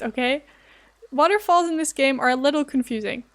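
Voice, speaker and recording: High-voiced young woman streamer, playful. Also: normal speed, fairly bright tone. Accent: American. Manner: chatty, playful, easily flustered. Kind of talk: casual live-stream chat while gaming.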